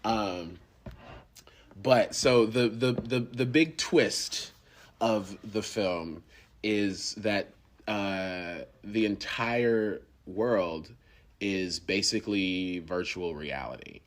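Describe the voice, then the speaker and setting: A man hosting a podcast, chatting casually about a film, halting and restarting, laughing often. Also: on the low side. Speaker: podcast host. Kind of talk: casual film review chat.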